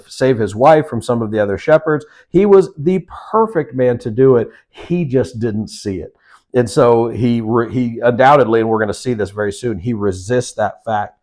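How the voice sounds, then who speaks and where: Guy teaching a bible class, normal middle pitch, chatty and kinda halting. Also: darkish tone. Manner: conversational, acts out voices in quotes, halting restarts. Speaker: Sunday School teacher. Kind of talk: Bible study lesson.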